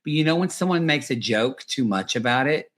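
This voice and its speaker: A man chatting as a podcast guest, animated and gossipy, acting out quotes in funny voices. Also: mid-range voice, brisk. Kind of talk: casual chat recapping a reality show.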